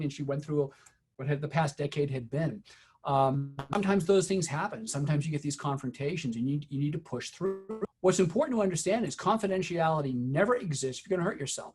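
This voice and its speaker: A middle-aged man giving a teacher training, telling a story in a conversational, unhurried way with many fillers. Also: a little high, a little mellow, slightly rough.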